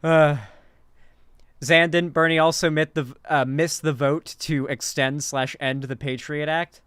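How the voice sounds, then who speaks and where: A man's voice: a little high, level tone, a little slow, a bit bright, clear, resonant tone, dry recording, studio quality. A young man hosting a casual live commentary stream, loose and rambling, swearing casually and tagging his lines with questions.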